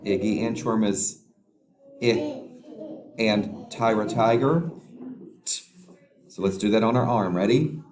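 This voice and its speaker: A man teaching a phonics lesson to young children, slowly sounding out letters and words with patient prompts. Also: fairly low pitch, a crowd in the background.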